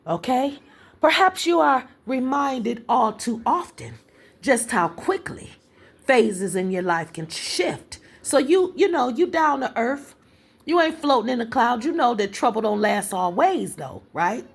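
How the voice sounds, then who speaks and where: A woman's voice: on the high side, breathy edge. A woman doing a casual spiritual reading for her viewers, chatty and repetitive, often calling out to them and restarting her sentences. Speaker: spiritual reader.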